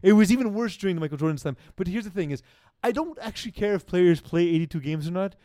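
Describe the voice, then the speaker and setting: A man co-hosting a sports talk show, arguing his points in casual, animated banter with frequent restarts. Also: sits high, fast, no echo.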